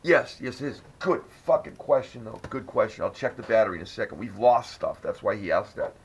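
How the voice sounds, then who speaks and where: Male podcast host, loose and profane storyteller, lively swooping delivery, dull lo-fi audio with a faint hiss. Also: on the low side, a little fast. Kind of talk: casual podcast chat.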